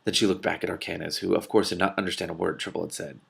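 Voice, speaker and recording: A man's voice: deep voice, little pitch movement, racing, creaky, a bit bright. A man reading a fantasy novel aloud, casually, stumbling and restarting now and then. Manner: reads with restarts and slips, breaks into laughter. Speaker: reader of a novel with commentary. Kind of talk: casual read-aloud narration.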